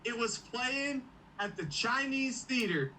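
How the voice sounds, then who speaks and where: A man's voice: very high voice, animated, slow pace. A man chatting casually as a podcast co-host. He swears a lot and laughs while he talks. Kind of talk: casual chat. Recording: distant mic with faint hiss.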